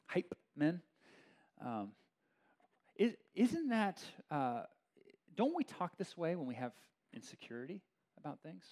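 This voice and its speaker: A middle-aged man preaching a sermon to his church in a conversational, animated way, with many fillers and restarts. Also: on the high side. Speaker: pastor. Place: church meeting room with a live audience.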